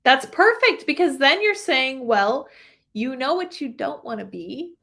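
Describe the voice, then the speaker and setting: A young woman as a podcast guest in casual chat, agreeing warmly and adding her own thoughts. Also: high-pitched, expressive, measured pace, vocal fry. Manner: affirming, chatty listener who laughs along.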